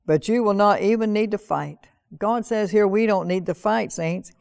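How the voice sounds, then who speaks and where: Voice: medium pitch, moderate pace, vocal fry, a little mellow, dry recording, studio quality. A pastor preaching a sermon in an earnest manner, often repeating phrases and reading scripture aloud with a raised voice.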